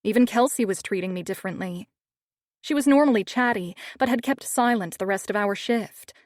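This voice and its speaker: A woman narrates a dark first-person audiobook in a medium-pitched voice, a little fast. The sound is dry and clean, from a studio.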